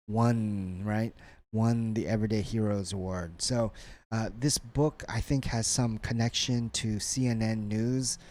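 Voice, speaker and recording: A man's voice: lowish voice, mellow. A man teaching a college English lesson, prompting students with a repeated "right?" after each cue word.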